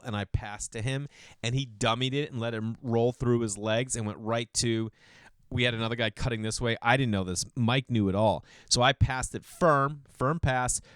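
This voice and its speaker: A man from Boston talks to his listeners in a loose, comedic monologue. His voice is smooth and resonant, recorded dry and close with no room around it. He rambles, jumps up loud for acted-out bits and drops into low mumbles, calling everyone dude. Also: no room sound. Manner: swears casually, calls listeners dude. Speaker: podcast host and comedian.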